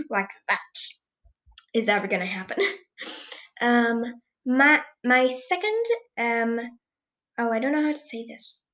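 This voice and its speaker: A teenage girl talks through her own solo podcast with a slightly high voice, giggling and stopping often to hunt for what to say next. Her talk is loose and scattered, full of "um"s and sudden exclamations as she jumps from one thing to the next. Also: expressive, slow pace, pauses often, fairly bright tone, rough recording. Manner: exclamations and filler "um"s. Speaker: podcast host. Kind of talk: solo casual podcast chat.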